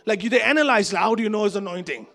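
A man from Asia preaching a sermon to a congregation, telling a personal story in an animated, conversational way. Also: sits high, racing. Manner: animated, conversational, acts out quoted voices. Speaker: pastor. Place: church service before a congregation.

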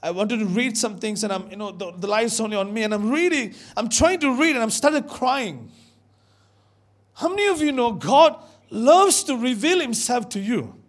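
A man with a notably high voice preaches to his church. He tells a personal story with emphasis, repeating words and calling out to the congregation. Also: animated, moderate pace. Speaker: pastor. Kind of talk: sermon with storytelling.

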